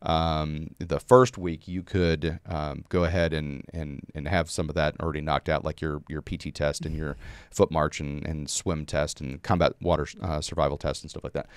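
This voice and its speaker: A man in his forties, an Army veteran, telling a story casually on a podcast, halting with many fillers and repeated words. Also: a bass voice, level tone, smooth, dry recording, clean studio sound.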